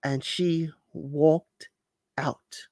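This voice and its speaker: A woman's voice: deep voice, fairly even intonation, very slow, a little mellow, no room sound, studio quality. A woman host giving a casual, colloquial recap of a reality show, scolding the people on it directly. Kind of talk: casual commentary.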